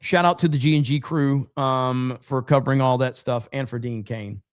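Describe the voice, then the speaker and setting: Clear and resonant, his mid-range voice moves at a moderate pace as he hosts a laid-back livestream podcast. The American man narrates bluntly and with lots of cursing, keeping the storytelling animated.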